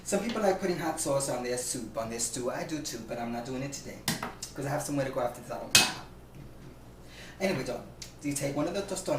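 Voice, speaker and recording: A campy, theatrical cooking host from Puerto Rico, talking in a casual, gushing way and sprinkling darling and honey everywhere. The voice sits in a middle pitch and is picked up by a camera mic from across an echoey home kitchen, with faint background noise. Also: recorded from a distance. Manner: flamboyant and campy, calls viewers darling and honey.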